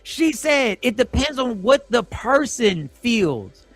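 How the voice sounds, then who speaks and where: High-voiced man with a gravelly edge. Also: slow, dry recording, soft background music. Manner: animated, joking, swearing, exclamatory. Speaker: host. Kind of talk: casual group chat on a livestream.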